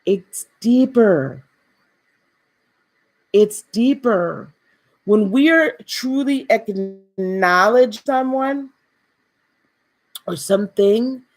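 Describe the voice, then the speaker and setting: A woman leads an inspirational spiritual talk on a live stream. Her delivery is gentle and preacherly. She repeats key phrases for emphasis and speaks warmly and directly to her viewers. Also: mid-range voice. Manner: speaks directly to viewers, calls them beloved.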